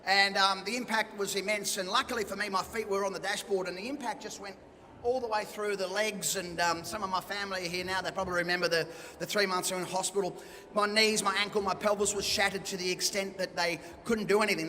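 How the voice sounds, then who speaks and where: A man's voice: sits high, sharp tone. A middle-aged Australian man speaking at an event, telling personal stories in a chatty, self-deprecating way. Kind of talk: personal storytelling talk. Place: event hall. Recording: long reverb of a hall.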